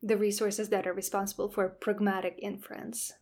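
A woman who is a native Russian speaker, a podcast guest explaining language and the brain in a relaxed way, with many "you know" fillers. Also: mid-range voice, a little fast. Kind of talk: casual podcast interview.

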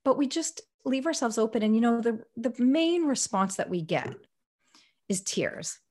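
A woman's voice: a little high, normal speed. A woman guest in an interview, earnestly telling stories and acting out what people said. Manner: earnest, animated, acts out quotes. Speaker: ministry guest. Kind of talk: conversational storytelling.

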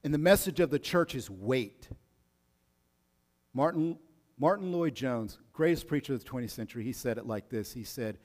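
A man's voice: mid-range voice, expressive, moderate pace, darkish tone, big-room sound. A male pastor preaching a sermon in a casual, slangy way, sometimes acting out the people he talks about.

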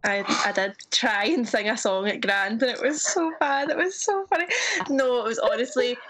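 A young woman from Scotland talks casually on a video call, chatty and quick to laugh at herself. Her voice sits a little high. A faint hiss runs under the call. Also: fairly bright tone. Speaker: pageant contestant guest. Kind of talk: casual chat.

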